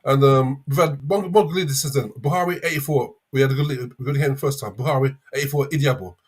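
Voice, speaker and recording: A man in his fifties with a London accent, calling in to a live show and rambling along with halting restarts. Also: medium pitch, breathy edge. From England. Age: 50s. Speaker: caller. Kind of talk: casual chat.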